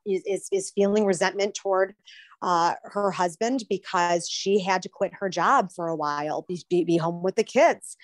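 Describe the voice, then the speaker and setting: A woman on a radio talk show speaking earnestly in casual chat, often filling pauses with "you know". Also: lowish voice, fairly bright tone, dry recording. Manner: earnest, leans heavily on "you know" fillers.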